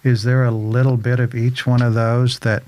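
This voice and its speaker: A man's voice: medium pitch, little pitch movement, normal speed, darkish tone. A man hosting a casual interview chat, jovial, with frequent stammering restarts. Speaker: host. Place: local studio.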